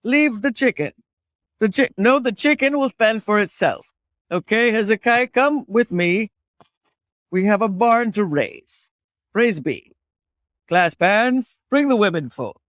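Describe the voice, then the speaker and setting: A woman's voice: medium pitch, animated, a bit bright, no echo, clean studio sound. A woman doing a solemn Pennsylvania Dutch farmer. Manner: solemn, old-fashioned phrasing, slowed. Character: pious Pennsylvania Dutch farmer calling to a brother.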